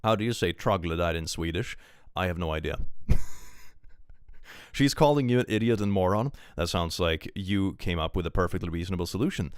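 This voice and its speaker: Deep-voiced man chatting on a stream. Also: fairly quick, clean tone, no echo, clean studio sound. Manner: chatty, rambling, laughs often, reads posts aloud. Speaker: streamer reacting to online posts. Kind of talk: casual live-stream commentary.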